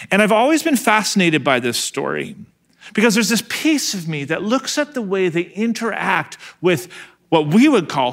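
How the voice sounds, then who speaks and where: A male pastor preaching an energetic, conversational sermon to a live and online congregation. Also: on the high side. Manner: energetic, conversational, acts out scenes.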